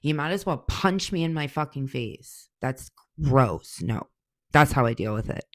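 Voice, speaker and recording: Rumbling low and expressive at a measured pace, her voice comes through with no echo. She's a podcast host in her forties answering questions in a casual monologue, storytelling bluntly, heatedly and with profanity.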